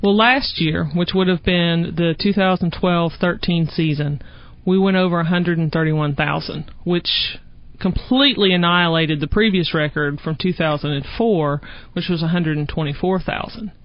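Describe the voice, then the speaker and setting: A woman from Georgia with a Southern accent, a wildlife biologist talking lively in a radio interview. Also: lowish voice, normal speed, dry recording. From Georgia, USA. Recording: dull dry studio sound.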